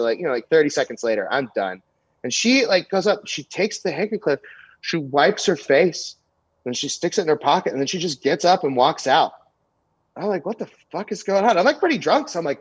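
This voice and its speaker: A man's voice: on the high side, slightly rough, no echo. Young male comic spinning a raunchy anecdote, dry and slightly dull recording. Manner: animated, crude anecdote telling with many fillers. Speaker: comedian guest. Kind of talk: storytelling on a podcast.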